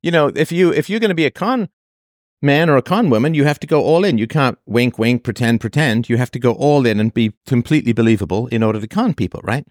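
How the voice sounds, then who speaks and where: A man's voice: mid-range voice, fast talker, a little mellow, no room sound, clean studio sound. A man hosting an advice conversation, pressing a caller with probing questions and acting out quoted voices. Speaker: host.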